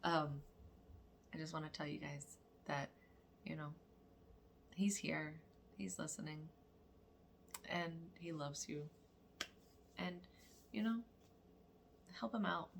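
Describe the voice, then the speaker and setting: A woman, a mother, telling a lively story in a casual spiritual vlog, acting out quotes and laughing often. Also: deep voice, takes it slowly, creaky, long pauses, slight background noise. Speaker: mother of daughters.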